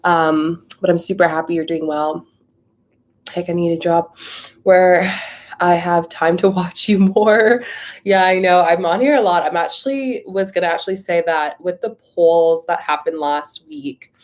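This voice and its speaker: A woman's voice: lowish voice, unhurried. Breathless chatty woman on a livestream. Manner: chatty, greets viewers by name, frequent "like" and "um". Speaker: spiritual coach hosting a live Q&A. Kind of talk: casual livestream chat.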